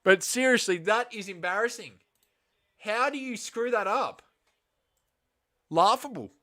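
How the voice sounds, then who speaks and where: A man hosting a casual live reaction stream of a match, swinging from quiet muttering to loud, exasperated outbursts and swearing bluntly. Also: sits high, expressive, measured pace.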